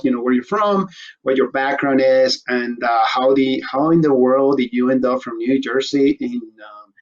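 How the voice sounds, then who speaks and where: A man's voice: medium pitch, highs cut off. A man hosting a casual interview show, joking irreverently and swearing offhandedly. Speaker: host.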